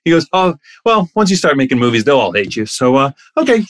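A middle-aged man telling stories casually as a guest, animated, acting out the voices of the people he quotes with big jumps in pitch. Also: fast talker, dry recording. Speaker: actor guest. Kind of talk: casual anecdotal storytelling.

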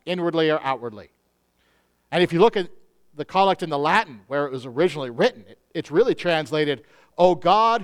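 A male pastor preaching a sermon in an earnest manner, slowing down on key phrases. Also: high-pitched, clear, resonant tone.

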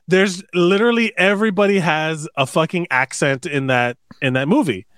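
A man's voice: fairly high pitch, moderate pace, a bit bright, dry recording, clean studio sound. A man co-hosting a podcast in casual chat, rambling and swearing, with many fillers and restarts. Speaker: podcast co-host.

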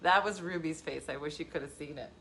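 A woman in her forties hosts a relaxed live stream from her home, talking into her phone. Her voice is bright and ringing, and she chats, teases and laughs easily. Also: deep voice, fast, creaky. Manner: chatty, teasing, laughs often. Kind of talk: casual live-stream chat. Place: home at night. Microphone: phone camera.

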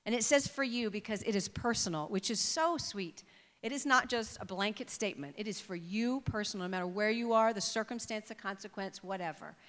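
A woman's voice: medium pitch, a little fast. Woman preaching in a reverberant hall. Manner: warm, expressive scripture reading with rising emphasis. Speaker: pastor. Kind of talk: sermon. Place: church sanctuary.

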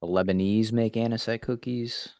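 A man co-hosting a podcast with a very low voice and a dry, deadpan way of joking. He chats casually and stays calm. The sound is close and dry. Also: normal speed, clear, resonant tone, no echo. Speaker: podcast co-host. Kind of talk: casual chat.

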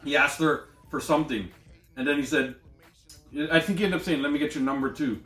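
A man hosting a casual movie review podcast, rambling and excitable. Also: a little high, fairly quick, roomy sound, soft background music. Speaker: podcast host.

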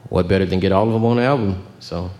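A man's voice: deep voice, fast, a little mellow. A young man from Miami whose first language was Haitian Creole, telling stories in a casual interview and acting out the voices. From Miami, Florida. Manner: storytelling, acts out voices with laughter. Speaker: bandleader. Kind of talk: casual radio interview chat.

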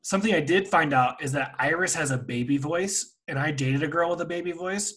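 A man's voice: fairly quick, breathy edge. A man co-hosting a podcast, chatting casually and animatedly about a reality show and mimicking people he talks about. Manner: animated, mimics people in high squeaky voices. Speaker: podcast co-host.

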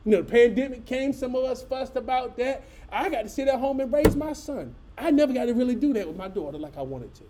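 Middle-aged preacher, high mellow voice, animated folksy storytelling, talks straight to the congregation. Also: male voice, fast talker, few pauses, a little hiss or hum. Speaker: pastor. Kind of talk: storytelling sermon.

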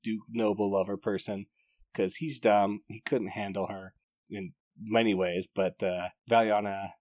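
A man's voice: lowish voice, darkish tone, dry recording, studio quality. A man giving a casual, enthusiastic book review, rambling and often restarting his sentences.

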